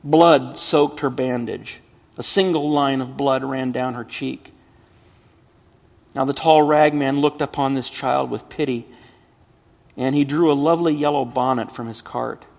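Male storyteller, gravelly, measured and expressive delivery, hall reverb. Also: mid-range voice. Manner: measured, expressive, hushed at sad moments. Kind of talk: dramatic story reading.

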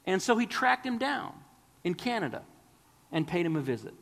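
A man's voice: high-pitched, very animated, moderate pace, vocal fry, fairly bright tone, in a large hall. A man preaching a sermon, earnest and pleading, sometimes dropping to a whisper.

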